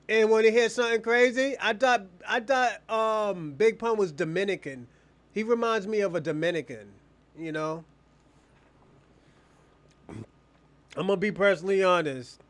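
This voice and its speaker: A man's voice: high-pitched, fairly bright tone. A man co-hosting a livestream in casual chat, rambling and profane, often restarting his sentences.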